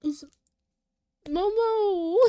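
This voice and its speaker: A woman streamer reading game text aloud and reacting, animated and quick to laugh. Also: very high-pitched, no echo. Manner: animated, breaks into laughter and squeals.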